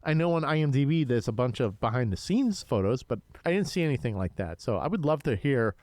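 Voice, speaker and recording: Animated, excitable young man co-hosting. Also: mid-range voice, fairly quick, dry recording. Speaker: podcast co-host. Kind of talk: casual film review chat.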